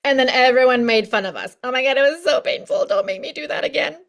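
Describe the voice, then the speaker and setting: A woman's voice: mid-range voice, unhurried, vocal fry. A woman voicing her fearful emotional self in a whiny, fretful way, pleading not to be hurt again. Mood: anxious.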